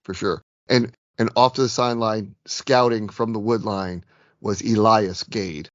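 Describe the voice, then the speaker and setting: A chatty man co-hosting a gaming podcast, with a low voice gone a little hoarse. He rambles good-naturedly and pokes fun at himself. The sound is dull and dry, like a home setup. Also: steady tone, unhurried, no echo. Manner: chatty, self-deprecating, rambling. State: slightly hoarse from illness. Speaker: podcast co-host. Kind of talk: casual chat about tabletop gaming.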